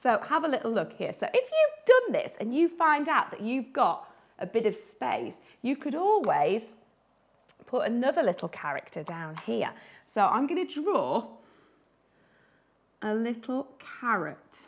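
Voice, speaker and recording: A woman's voice: a little high, very animated, measured pace. Playful woman illustrator teaching drawing on a stream, very sing-song delivery. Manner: chatty and playful, laughs often. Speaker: children's book illustrator. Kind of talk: live drawing tutorial.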